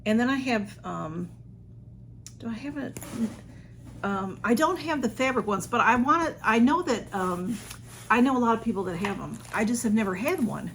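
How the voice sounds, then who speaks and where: A woman's voice: fairly high pitch, expressive, normal speed, a little hiss or hum. A woman chatting casually as she unboxes a birthday gift at home, gushing and exclaiming often. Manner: gushing, exclaims the sender's name, chatty with fillers.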